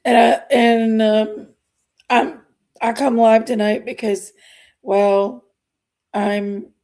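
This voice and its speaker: A middle-aged woman, chatting on her livestream in a halting, emotional way, sighing between phrases. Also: fairly high pitch, steady tone, darkish tone. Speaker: livestream host. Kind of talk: casual livestream chat.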